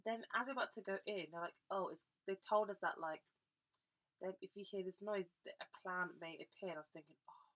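A young woman co-hosting a podcast, chatting casually and telling animated stories with quick asides. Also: medium pitch, rough recording. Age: young adult. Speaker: podcast co-host. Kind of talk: casual chat.

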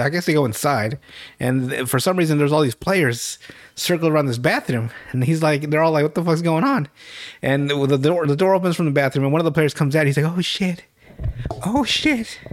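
A man's voice: on the high side, no room sound. A man casually retelling a TV episode, acting out the characters' lines, laughing often and swearing a lot. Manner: laughing storyteller, acts out lines, heavy swearing. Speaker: podcast host recapping an episode. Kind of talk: casual profane recap chat.

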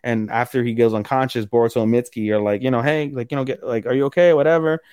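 Guy cohosting a podcast, recapping stuff, swears a lot, does quick bits of the characters, dry close sound. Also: medium pitch, clear, resonant tone, dry recording. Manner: animated retelling, acting out characters' lines with profanity. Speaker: podcast co-host. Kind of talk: casual chat recapping anime episodes.

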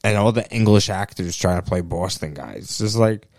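A man's voice: sits low, animated, moderate pace, gravelly, darkish tone, no echo. A young man, a podcast guest chatting casually, swearing often and restarting his sentences. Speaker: podcast guest, comedian and impressionist. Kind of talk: casual chat.

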